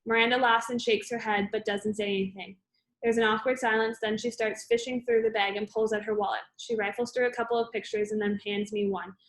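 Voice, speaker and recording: A woman's voice: mid-range voice, fairly even intonation, a little fast, low-quality recording. A woman reading a novel aloud in first person, plainly, with small slips and self-corrections. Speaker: audiobook reader.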